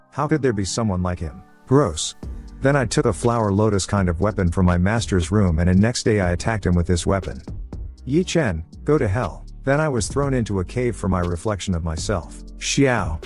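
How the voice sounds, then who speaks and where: A man reading a story recap as narrator, voicing every character himself in a flat read-through. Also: fairly low pitch. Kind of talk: scripted recap narration, voicing all roles.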